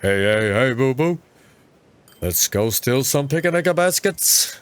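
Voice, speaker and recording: A man doing a quick impression of a jolly, greedy male cartoon bear, with bouncy, sing-song calls. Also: medium pitch, animated, clean tone, voice pushed up. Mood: playful.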